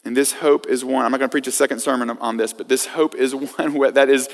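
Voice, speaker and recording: A man's voice: medium pitch, fast. Preaching man. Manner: expressive preaching, swinging from loud emphasis to hushed reading. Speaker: pastor. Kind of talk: sermon. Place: church sanctuary. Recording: long reverb of a church hall.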